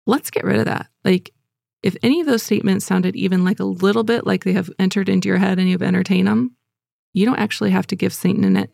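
A woman giving earnest, gentle devotional teaching and leading listeners in prayer, speaking casually with fillers. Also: mid-range voice, creaky, no echo, studio quality.

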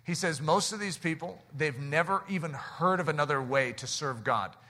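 A man from the United States preaching a sermon, lively and animated, dropping low and quiet at times. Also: moderate pace. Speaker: pastor.

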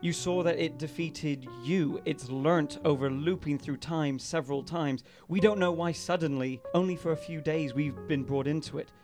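A man's voice: a little high, moderate pace, few pauses, music in the background. A man playing a tabletop game, earnestly pleading in character. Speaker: player.

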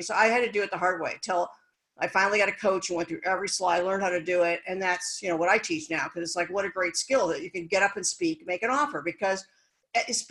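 A woman tells her story on an interview show with real energy, acting out the lines she quotes from other people. Her voice is bright and forward, with an easy, conversational flow. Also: medium pitch, poor audio. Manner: energetic, animated, acts out quoted dialogue. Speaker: guest, speaker and business coach.

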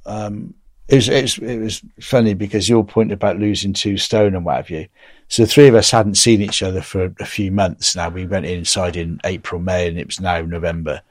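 A man's voice: low voice, a little fast, dry recording, studio quality. An English man telling a story in casual conversation, acting out the dialogue as he goes. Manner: animated, acts out quoted dialogue.

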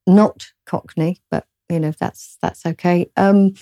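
A woman's voice: on the low side, steady tone, takes it slowly, no room sound. A middle-aged woman from London with a southern English accent, a guest speaking politely and hesitantly in a casual interview. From southern England, London. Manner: soft-spoken, polite, hesitant. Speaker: author and guest.

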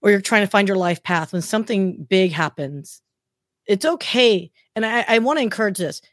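A woman's voice: medium pitch, brisk, no echo, studio quality. A woman who hosts a live-streamed interview, talking in an emotional, encouraging, chatty way. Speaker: host.

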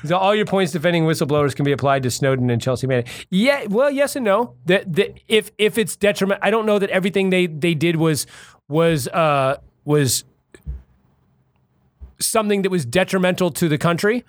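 Male podcast co-host, high voice, dry close sound, profane and rambling. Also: animated, a little fast, no room sound. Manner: profane, rambling, stumbles over words. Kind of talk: casual political chat.

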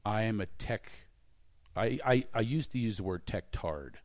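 A man hosts a podcast in a lowish, slightly slow voice, telling self-deprecating stories in a casual, comedic chat. He comes across as an animated storyteller who pokes fun at himself.

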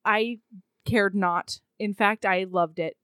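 A woman co-hosting a podcast, casually recapping a book in a playful, animated way. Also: medium pitch, takes it slowly, clean tone, no echo, clean studio sound. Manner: animated, laughs often, playful. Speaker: podcast co-host.

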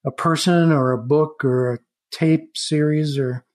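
Slightly higher-voiced male interviewer. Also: steady tone, unhurried. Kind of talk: interview conversation.

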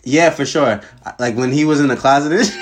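Young male co-host, animated, quick to laugh, streetwise slang-heavy banter. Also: on the high side, heavy background noise. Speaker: podcast co-host. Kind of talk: casual chat.

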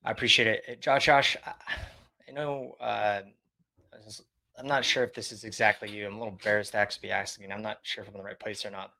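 A man demonstrating a cold call in a calm, humble, inviting manner. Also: fairly low pitch, fast, vocal fry. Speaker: sales rep. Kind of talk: role-play sales call.

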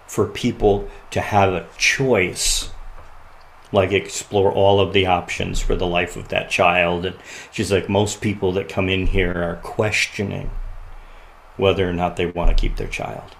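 A man sharing a personal story as a podcast guest, earnest and often quiet and halting, laughing at the lighter moments. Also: sits low, level tone, gravelly, rough recording.

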